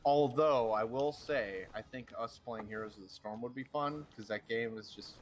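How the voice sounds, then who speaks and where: A man's voice: mid-range voice, normal speed. A young man co-hosting a casual gaming chat, joking and swearing. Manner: joking, swears, calls people dude. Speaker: co-host.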